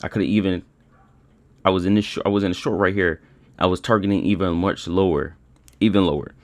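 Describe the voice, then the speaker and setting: A man's voice: sits low, fairly even intonation, brisk, dry recording. A young man recapping his trading day in a frustrated rant, swearing often and repeating himself. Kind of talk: frustrated screen-share rant.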